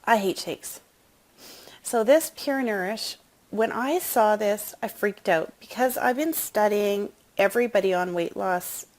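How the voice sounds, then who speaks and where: A middle-aged woman shares a personal story in a confiding, emotional way, then pitches wellness products in an upbeat, chatty tone. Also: measured pace, darkish tone.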